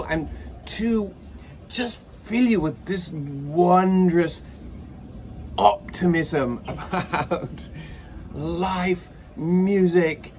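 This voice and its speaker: A man's voice: a little high, a little hiss or hum, rough recording. A man working as a vocal coach, giving reaction commentary in an effusive, openly emotional way.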